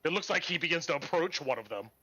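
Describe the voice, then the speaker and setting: Guy running a tabletop game, bright voice a bit on the high side, describing the scene. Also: lively intonation, quick pace, breathy edge. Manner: narrates scenes and acts out crowd voices. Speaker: game master.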